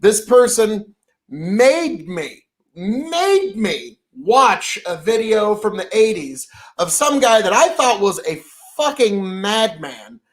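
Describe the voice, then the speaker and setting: High-voiced man telling a rambling story. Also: very animated, slow. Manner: rambling storyteller, swears freely. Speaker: podcast co-host. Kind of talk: casual chat.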